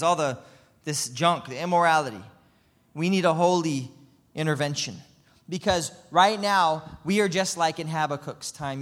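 A man preaching a sermon with passion. He rises to loud cries and breaks off for chuckling asides. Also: a little high. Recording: long hall reverb.

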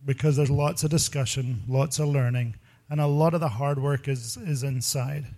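A male pastor giving a sermon full of personal stories, talking in an animated, rambling way and laughing often. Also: medium pitch, moderate pace.

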